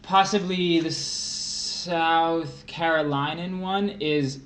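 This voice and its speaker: A man's voice: fairly high pitch, fairly even intonation, slow, a bit bright. A man co-hosting a casual test prep livestream, playful and fond of pedantic asides.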